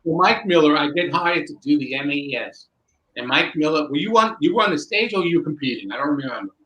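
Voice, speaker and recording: A man telling a long anecdote in a casual interview, lively and acting out the people in his story. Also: a little high, fast talker, a little hiss or hum, poor audio. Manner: animated, acts out dialogue. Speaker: guest magician.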